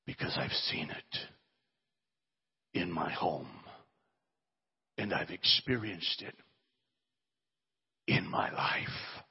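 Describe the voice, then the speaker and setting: Slow husky male pastor preaching. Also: sits low, expressive, muffled recording. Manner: slow, emotional, rising to fervent prayer. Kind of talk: sermon and prayer.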